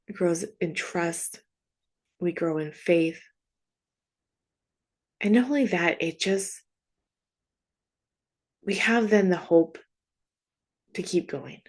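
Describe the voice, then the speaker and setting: A woman working as a Catholic grief coach, speaking in an earnest, gentle way, often asking "right?". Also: fairly low pitch, takes it slowly, pauses often. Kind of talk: heartfelt faith monologue.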